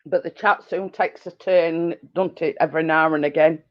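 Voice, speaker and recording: A woman's voice: low-pitched, fairly even intonation, normal speed. A middle-aged woman hosts a casual live-stream chat from home, rambling along with lots of fillers and giggles. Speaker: channel host on a live stream. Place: living room at home. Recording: dull lo-fi home recording.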